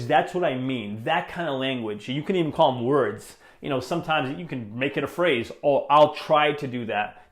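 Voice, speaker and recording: A man's voice: on the high side, roomy sound. A man in his thirties hosting a solo motivational podcast, talking in an earnest, encouraging way with lots of "you know" fillers. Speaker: podcast host.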